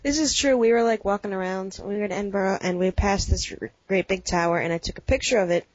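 A woman's voice: medium pitch, fairly even intonation, quick pace, no echo, highs cut off. A woman co-hosting a podcast in casual chat, teasing with dry asides. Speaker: podcast co-host.

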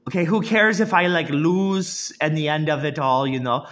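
A man's voice: a little high, lively intonation, moderate pace. A young man ranting casually about football, rambling with many restarts and heated outbursts. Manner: bursts into shouting and laughter. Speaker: sports vlogger. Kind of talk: casual sports rant.

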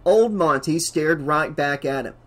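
A man's voice: fairly high pitch, a little slow, a bit bright, faint music behind. A man reading a horror novel aloud as an audiobook narrator, with dramatic emphasis.

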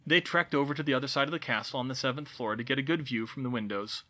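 A man narrating fan fiction as an audiobook in a plain, steady way. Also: mid-range voice, quick pace.

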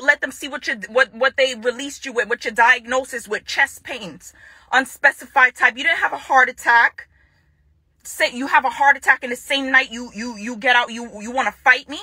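A woman's voice: sits high, normal speed, pushed and bright, breathy edge, no room sound. A woman vlogging straight to the camera in a confrontational way, repeating her phrases for emphasis, with a Jamaican accent. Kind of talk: direct-to-camera vlog rant.

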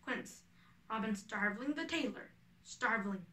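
A woman reading the part of a fussy male carpenter who directs a village play, handing out names and parts in order, with a bright voice in an echoey room. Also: a little high, expressive, normal speed, recorded from a distance. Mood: bossy. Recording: echoey room, away from the mic.

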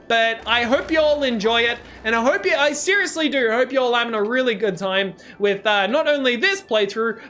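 A man's voice: very high voice, sharp tone. A man commenting on his own city-building game, rambling and self-mocking, slipping into silly sing-song and nonsense sounds. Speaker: gaming YouTuber. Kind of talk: let's-play commentary. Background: faint game music.

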